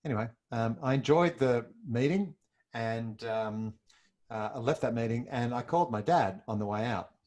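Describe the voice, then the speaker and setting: A man's voice: mid-range voice, moderate pace, a little mellow. A middle-aged man from Australia telling a personal story in a casual interview, hesitant with many ums and moved to emotion. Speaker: interview guest.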